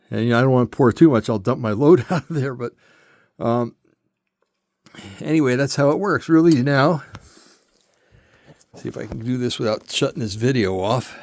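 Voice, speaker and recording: With a darkish tone at medium pitch and no echo, the older hobbyist caster rambles through a casual tool demonstration. He's a bit out of breath, keeps correcting himself, and leans on plenty of fillers.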